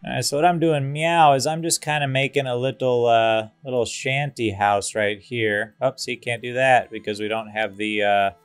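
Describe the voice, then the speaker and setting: A man giving casual, goofy let's-play commentary over a strategy game, excitable and full of fillers. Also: medium pitch, normal speed, few pauses, clear, resonant tone. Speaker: gaming YouTuber.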